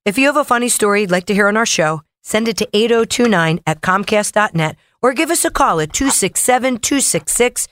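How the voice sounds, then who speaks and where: A woman co-hosting a radio show as a mortgage loan officer, talking in a brisk, chatty way and reeling off numbers. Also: medium pitch, expressive, a bit bright. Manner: brisk, chatty, reels off figures. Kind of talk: casual radio talk. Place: radio studio.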